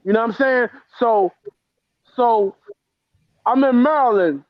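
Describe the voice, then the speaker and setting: A man's voice: extremely high pitch, unhurried, dry recording, lo-fi sound. A man, a guest author telling blunt, profane, emotional stories in a casual interview. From the Bronx, New York.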